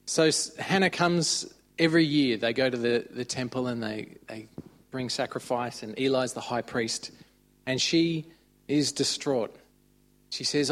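A man's voice: medium pitch, measured pace. Aussie guy giving a laid back sermon, telling bible stories like a chat. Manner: conversational, chatty retelling of stories. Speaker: preacher. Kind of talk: informal sermon.

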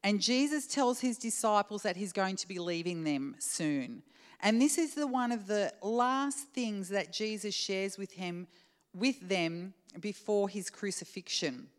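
A woman's voice: medium pitch, expressive, measured pace, clear, resonant tone, long reverb tail. A woman preacher giving an earnest, conversational sermon and prayer to her church, speaking directly to the congregation. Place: church hall.

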